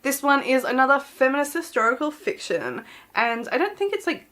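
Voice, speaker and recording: A woman's voice: high-pitched, a little fast. Young aussie woman gushing about her reading list, chatty, lots of "like" and "um", keeps correcting herself. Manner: chatty and excitable, with frequent fillers and self-corrections. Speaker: book vlogger. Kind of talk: casual book chat to camera.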